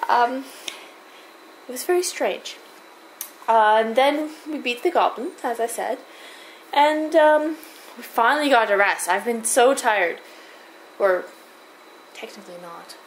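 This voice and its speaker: Lady doing an in-character game recap, slow and halting, kinda highish voice. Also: expressive, slight background noise, rough recording. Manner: halting, many fillers, amused.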